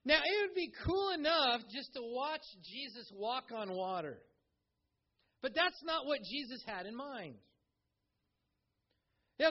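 A man's voice: very high voice, dull audio. A man preaching a conversational sermon, reading scripture and acting out quotes along the way. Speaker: pastor.

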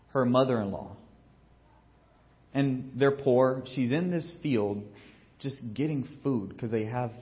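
Animated pastor preaching with lo-fi sound. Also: male voice, medium pitch. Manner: animated storytelling, acts out quotes with big swings in loudness; casual and joking asides. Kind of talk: sermon.

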